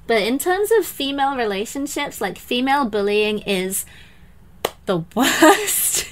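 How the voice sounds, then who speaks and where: Animated woman chatting on a podcast. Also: a little hiss or hum. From English-speaking country. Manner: animated, quick to mimic others in high voices. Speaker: podcast host. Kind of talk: casual podcast chat.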